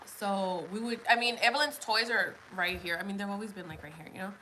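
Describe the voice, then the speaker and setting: A woman's voice: mid-range voice, brisk, pushed and bright, slight background noise, poor audio. A woman livestreaming from her living room, chatting casually and rambling with lots of fillers. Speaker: vlogger doing a livestream. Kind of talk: casual live chat with viewers.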